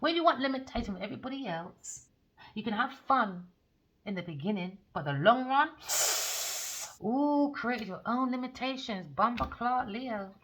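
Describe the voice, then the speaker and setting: A woman reads tarot cards in a bright, sharp-edged voice. She talks scornfully and theatrically, peppering her reading with swearing. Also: on the high side, lively intonation, moderate pace, dull audio. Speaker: tarot reader.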